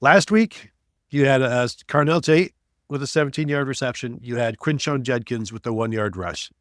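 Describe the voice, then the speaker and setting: A man's voice: medium pitch, normal speed, no room sound, clean studio sound. A man hosting a sports podcast with playful, teasing banter. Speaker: podcast host.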